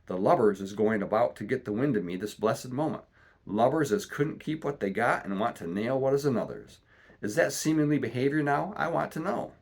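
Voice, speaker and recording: A man voicing a sick, rum-craving old pirate captain who talks in gruff, salty seaman's slang, reading a storybook aloud. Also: mid-range voice, lively intonation, normal speed, pitched above the performer's own voice. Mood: agitated. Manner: gruff salty seaman's talk, pleading then cursing.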